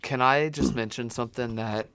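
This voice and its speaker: A man co-hosting a casual sports podcast who tells rambling, animated stories. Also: mid-range voice, normal speed, clean tone, no room sound. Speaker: podcast co-host.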